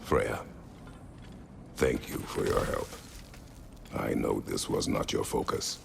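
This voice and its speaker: A man voicing a stern, terse male warrior god in a video game, speaking curtly and solemnly in a gravelly voice. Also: extremely low pitch, slow pace, heavily acted. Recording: game audio with ambient noise.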